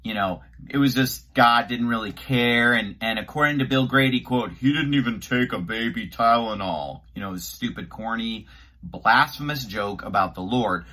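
A man pausing a sermon clip to give his own commentary, indignant and animated, often restarting his sentences. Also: mid-range voice, husky.

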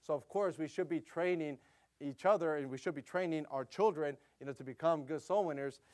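A middle-aged man preaching a casual sermon, telling stories in a chatty way with lots of "you know" fillers and growing louder when he gets excited. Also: a little high, a little fast. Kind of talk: conversational sermon with storytelling.

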